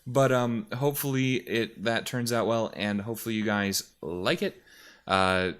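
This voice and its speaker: With a smooth, steady, fairly bright voice on the low side, a YouTuber and streamer speaks unhurriedly into a desk mic at home. His casual rambling is dotted with fillers and restarts, and he's a little breathless and sniffly.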